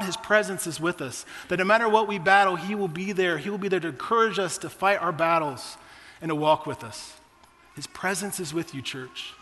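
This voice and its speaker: Bright-voiced pastor preaching in a hall. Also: male voice, high-pitched. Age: 40s. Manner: conversational preaching with personal stories and asides. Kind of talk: sermon.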